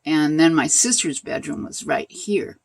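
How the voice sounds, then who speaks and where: An older woman casually telling a personal story as a vlogger, animated and laughing, pointing things out as she goes. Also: deep voice, measured pace, vocal fry, dry recording.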